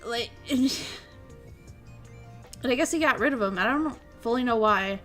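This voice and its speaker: A woman streamer chatting casually, telling a story in an excitable way, laughing often and acting out what people said. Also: fairly high pitch, a little slow, faint music behind. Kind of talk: casual chat.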